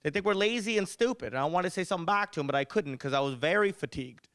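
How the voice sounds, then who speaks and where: A young man doing a stand-up comedy set, telling animated stories with punchy delivery. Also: high voice, very fast, no room sound. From United States.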